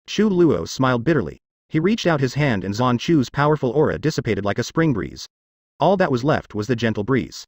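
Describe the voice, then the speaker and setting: A man narrating a fantasy webnovel as an audiobook in steady, expressive storytelling. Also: medium pitch, fairly quick, no echo, clean studio sound.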